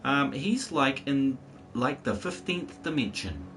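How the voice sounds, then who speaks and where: Speaking slowly and expressively at medium pitch, this man rambles through a casual game livestream, addressing both his viewers and the dog in the game. A distant mic picks up faint background noise.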